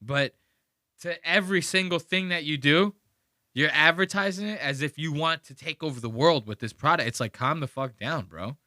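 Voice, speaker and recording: A male podcast host ranting in a casual, profane, animated way, full of "like". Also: on the high side, moderate pace, no room sound, studio quality. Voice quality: animated, profane, heavy use of "like".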